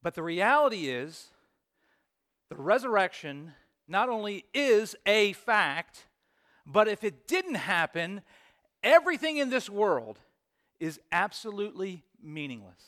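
A man's voice: high-pitched, very animated, measured pace, pushed and bright. A man preaching a sermon as pastor, reading scripture, praying and telling stories in an earnest, emphatic way.

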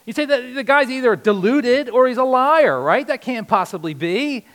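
A man preaches with a notably high voice. He swings between loud, punchy lines and quiet, earnest ones. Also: expressive, moderate pace, few pauses. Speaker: pastor. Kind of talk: sermon.

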